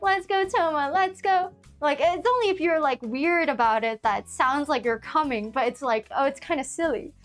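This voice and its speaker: A young woman with a high, light voice chats casually with her stream viewers, rambling and giggling through lots of fillers and restarts. Soft music plays faintly underneath. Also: expressive, moderate pace, few pauses.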